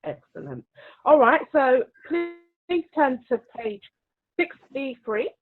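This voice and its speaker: A woman's voice: high voice, sing-song, slow pace. Brief: bubbly woman host, laughs easily, tinny phone-like sound over a video call. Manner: bubbly, laughing, reads out comments. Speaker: host of a book launch. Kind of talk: live-stream interview hosting.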